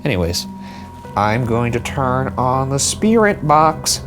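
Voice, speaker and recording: A man's voice: medium pitch, very animated, slow pace, over music. A man investigating a house on a ghost hunt, calling out to spirits in the empty rooms and reacting nervously. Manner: jittery, talks to the empty room, startled outbursts. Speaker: co-host, paranormal investigator. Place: inside a family house.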